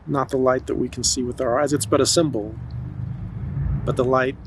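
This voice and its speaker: A man giving a spiritual talk in a calm, gentle and nurturing manner, recorded outdoors in the wind. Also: medium pitch, moderate pace, low-quality recording. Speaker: spiritual teacher. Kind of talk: slow meditative spiritual talk.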